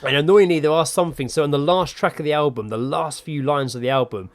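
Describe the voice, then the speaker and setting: A man's voice: a little high, fast. A man co-hosting a podcast, talking in a rambling, enthusiastic way with plenty of fillers. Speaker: podcast co-host. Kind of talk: casual chat.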